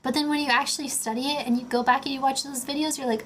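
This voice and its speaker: A woman's voice: high voice, fairly even intonation, quick pace, slight background noise. A young woman livestreaming casually, rambling and chatty with lots of filler words while she builds a Lego set and answers chat. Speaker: streamer.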